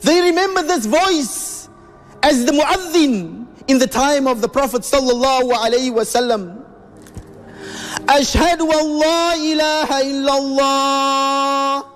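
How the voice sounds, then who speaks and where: A man narrating a religious story in an earnest, emotive, reverent way. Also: extremely high pitch.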